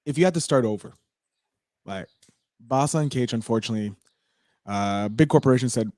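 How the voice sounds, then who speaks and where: A man's voice: medium pitch, moderate pace, darkish tone, dry recording, studio quality. A man hosting a podcast, talking casually and energetically, agreeing with his guest. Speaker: podcast host.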